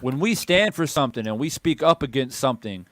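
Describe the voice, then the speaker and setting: A man's voice: mid-range voice, lively intonation, brisk, fairly bright tone, no room sound. A man hosting a boxing channel, delivering a heated opinion monologue and repeating phrases for emphasis.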